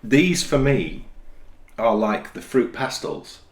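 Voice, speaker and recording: A man co-hosting a podcast, opinionated and wry, telling stories in a relaxed chat. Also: medium pitch, takes it slowly. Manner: opinionated, wry, lively storyteller. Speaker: podcast co-host. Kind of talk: casual chat. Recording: roomy echo.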